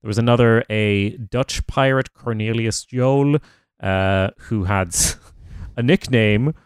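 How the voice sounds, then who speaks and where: A man's voice: fairly low pitch, slow pace, clean tone, no room sound. A man co-hosting a history podcast, sharing research in casual chat with dry jokes and the occasional swear. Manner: dry, joking, sweary asides. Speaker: podcast co-host.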